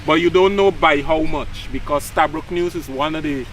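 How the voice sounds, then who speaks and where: A man with a Guyanese accent co-hosting a talk show, speaking in a measured, deliberate way with hesitant fillers. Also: a little high, a bit bright. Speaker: co-host. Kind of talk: measured discussion. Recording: distant mic with faint noise.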